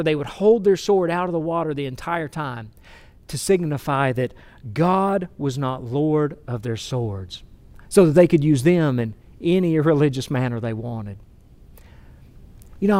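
Guy preaching, earnest, kinda higher voice, dry close sound. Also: dark tone, no room sound. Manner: earnest storytelling with repeated words. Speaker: pastor. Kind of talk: sermon.

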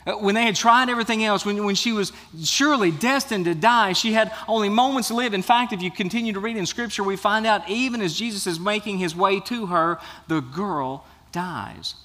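A male pastor delivers a sermon with an earnest, searching manner, often stumbling over and repeating words as he builds each point. His voice sits noticeably high for a man. It carries a long reverberant tail, as if it is filling a church hall. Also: fairly quick, hardly any pauses, sharp tone. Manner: earnest preaching with frequent restarts and repeated words. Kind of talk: sermon with scripture reading.

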